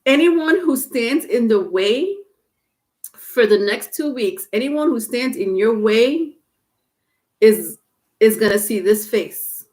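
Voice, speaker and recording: A woman's voice: on the high side, expressive, slow, darkish tone. A woman giving a casual live tarot reading, talking chattily and teasing her viewers, breaking into laughter often. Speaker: tarot reader.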